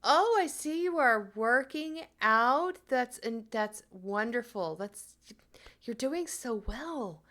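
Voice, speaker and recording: A woman's voice: fairly high pitch, animated, slow, a bit bright. A syrupy, scheming lady, played by a woman in an improvised tabletop game. She fawns and hesitates, every phrase dripping with false sweetness. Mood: sugary. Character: sugary scheming woman who bribes with brownies.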